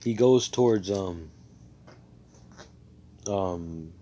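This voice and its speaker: A man's voice: low-pitched, drawn-out words, mellow, dull audio. A man casually telling an improvised fan story over a voice call, rambling and profane, full of fillers and self-corrections. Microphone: computer mic on a voice call.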